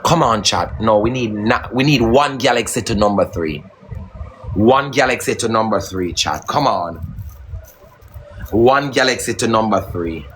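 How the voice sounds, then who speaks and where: A man hosting a casual live stream, teasing his guest in patois and shouting out viewers. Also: fairly low pitch, a little slow, a little hiss or hum. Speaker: livestream host.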